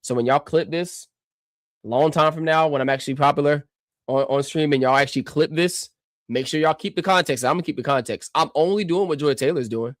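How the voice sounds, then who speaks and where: A man's voice: a little high, brisk, no room sound, studio quality. A man streaming a reaction to a clip, ranting in a combative, mocking way.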